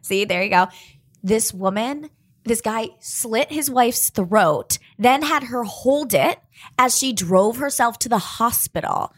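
A woman's voice: fairly high pitch, animated. Chatty young-sounding woman telling stories. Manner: chatty storyteller, quick laughs, lots of "like". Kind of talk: casual chat.

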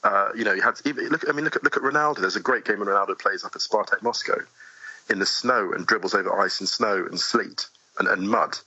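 A man talking as a podcast guest, animated and chatty with many asides, in a dull lo-fi remote recording. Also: fairly low pitch, fast talker, slightly rough, no echo. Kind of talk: casual interview conversation.

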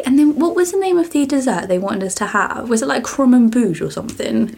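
A woman's voice: a little high, lively intonation, fast talker, creaky, hardly any pauses, a little mellow, breathy edge. A young woman co-hosting a podcast, telling rambling stories in casual chat and often giggling. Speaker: podcast co-host.

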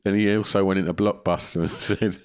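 A man's voice: deep voice, little pitch movement, brisk, clean tone, dry recording, studio quality. A man in his fifties co-hosting a podcast, telling stories in casual chat, swearing and laughing often. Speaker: podcast co-host.

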